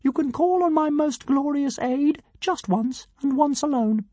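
A woman voicing a tiny, arrogant male dragon who thinks he is a god, with a squeaky, grand and scornful voice. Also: unhurried, warm tone, dry recording. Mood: pompous. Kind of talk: audiobook character voice.

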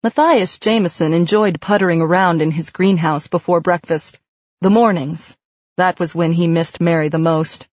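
A woman reading a novel aloud with a measured, even delivery. Her voice sits on the low side, and the recording is dry and slightly dull, without any room sound. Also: dry recording. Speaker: audiobook narrator. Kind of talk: scripted narration.

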